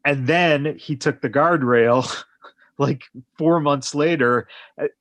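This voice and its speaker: A man's voice: a little high, slow pace, fairly bright tone, no room sound. A man hosting a casual podcast interview, talking in a rambling way with lots of filler phrases. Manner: rambling, heavy on "you know" fillers. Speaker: podcast host.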